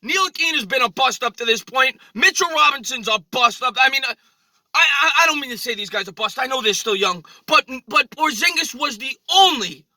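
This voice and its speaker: A man's voice: very high-pitched, sharp tone, no echo, low-quality recording. A man in his thirties ranting off the cuff into his phone outdoors, agitated and indignant, repeating himself as a sports vlogger. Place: outdoors in a cold city street.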